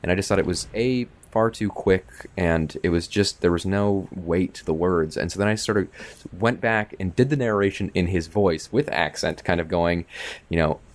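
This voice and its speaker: Give me a man with a very low voice co-hosting a podcast, reflective and easygoing. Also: normal speed. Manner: reflective storytelling, laughs often. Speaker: podcast co-host, filmmaker. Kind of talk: casual chat.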